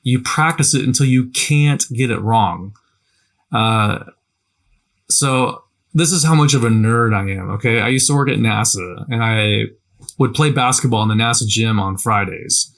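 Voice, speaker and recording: A man's voice: medium pitch, measured pace, fairly bright tone. A man giving a casual lesson on language practice in a conversational way, often repeating himself and asking "right?". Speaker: language teacher. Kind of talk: casual instructional talk.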